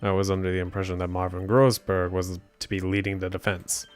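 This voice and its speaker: A halting, fussy old judge, read by a man. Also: sits low, flat delivery, clear, resonant tone, faint music behind, pitched below the performer's own voice, lightly acted. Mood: hesitant. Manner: reading game dialogue aloud, halting. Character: older male judge, hesitant and fussy.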